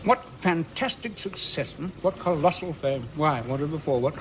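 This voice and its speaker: A man's voice: fairly high pitch, expressive, normal speed, background noise, close to an everyday voice. An actor in a radio drama playing a bitter, sardonic middle-aged man who mocks and rants. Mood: scornful. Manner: mocking, ranting, sarcastic.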